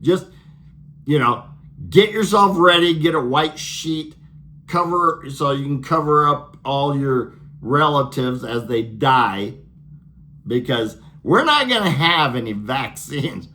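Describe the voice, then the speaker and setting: A man's voice: medium pitch, lively intonation, takes it slowly, sharp tone. A man delivering a sarcastic, profane political rant, laughing at his own jokes. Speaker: political vlogger.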